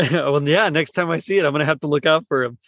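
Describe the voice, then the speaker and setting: A man hosting a casual movie podcast, talking in a rambling, halting way with lots of fillers and restarts. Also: on the high side, a bit bright, no room sound, studio quality. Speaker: podcast host.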